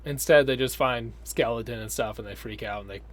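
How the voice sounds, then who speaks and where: A man's voice: mid-range voice, fairly quick, fairly bright tone. Sardonic rambling male film reviewer. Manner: rambling and sardonic, with frequent fillers.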